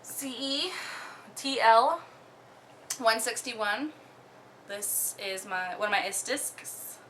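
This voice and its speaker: A young woman from Oklahoma casually talking through her disc golf bag, relaxed, with many ums and the odd giggle. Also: a little high, takes it slowly, a little hiss or hum. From Oklahoma, USA. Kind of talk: casual show-and-tell.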